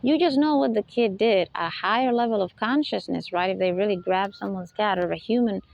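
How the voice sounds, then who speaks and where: A woman's voice: mid-range voice, brisk, creaky, lo-fi sound. A woman giving an unscripted spiritual lecture, emphatic and full of rhetorical questions, often laughing between points. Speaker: spiritual talk host.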